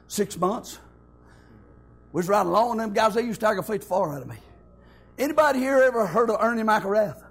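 A middle-aged man, preaching in a loud, chanting cadence that climbs high. His voice sits unusually high and has a gravelly edge. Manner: chanted, shouted preaching cadence with rising pitch. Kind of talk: preaching sermon with personal testimony.

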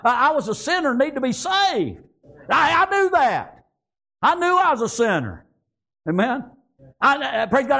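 A middle-aged man preaching a sermon in a folksy rural way, calling out to the congregation and dropping into quiet storytelling. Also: very high voice. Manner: folksy, rural speech, frequent call-outs and "praise God"; swings between shouting and hushed storytelling. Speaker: pastor.

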